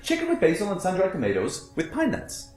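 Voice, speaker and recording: A man's voice: high-pitched, huge pitch swings, a little fast, a little mellow, roomy sound, faint music behind. An actor playing a blunt, profane middle-aged butcher, telling his story in a theatrical monologue. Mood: boastful. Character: brash foul-mouthed middle-aged male butcher. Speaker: actor in a one-man stage monologue. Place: theater stage.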